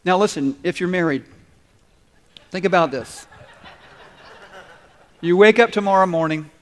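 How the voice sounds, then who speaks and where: A male pastor preaching a sermon to his congregation in an animated, playful way, acting out little asides. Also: high voice, a little slow. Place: large church hall. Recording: reverberant church hall. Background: congregation responding.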